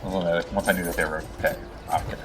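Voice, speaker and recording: A man playing a tabletop role-playing game, talking in a halting way with many fillers, with music behind. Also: low-pitched, little pitch movement. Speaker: player. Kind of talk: casual tabletop role-play.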